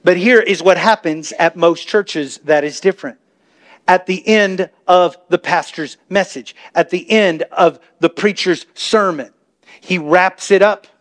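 A man preaching a sermon as pastor, talking to the congregation in a chatty way and building to impassioned shouts. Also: high voice, a little slow. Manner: impassioned, rising to shouts, conversational asides to the congregation. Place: church sanctuary.

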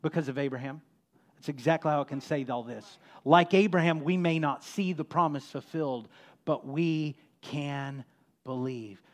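A middle-aged man delivers a sermon as a pastor, his voice sitting a little high for a man. He preaches with passion, building to loud, emphatic peaks and then sinking to a low, soft tone. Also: moderate pace.

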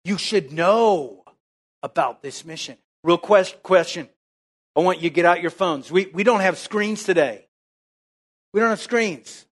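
High-voiced emphatic preaching man. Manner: emphatic, rhetorical questions, calls for amen. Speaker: pastor. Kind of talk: sermon.

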